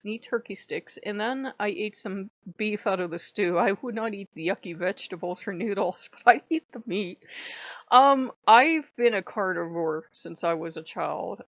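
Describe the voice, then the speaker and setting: A woman's voice: lowish voice, creaky, no room sound, highs cut off. A woman telling a personal story in a chatty vlog, often breaking into laughter. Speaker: channel host.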